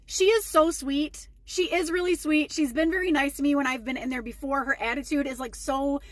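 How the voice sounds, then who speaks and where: A woman's voice: sits high, fairly even intonation, fairly quick, dry recording. A young woman telling a casual storytime rant to her followers, chatty and indignant. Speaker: storytime vlogger.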